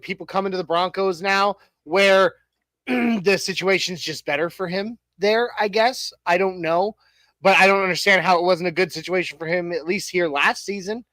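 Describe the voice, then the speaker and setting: A man's voice: high voice, steady tone, normal speed, bright, forceful tone, no room sound, low-quality recording. A man in his thirties co-hosting a casual sports talk show, rambling with many restarts and fillers and cracking jokes. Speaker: podcast co-host.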